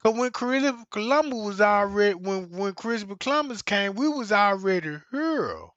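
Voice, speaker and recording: A man's voice: high voice, animated, moderate pace, fairly bright tone, dry recording, dull audio. A man streaming to viewers, ranting in a casual, slangy, emphatic way and repeating himself.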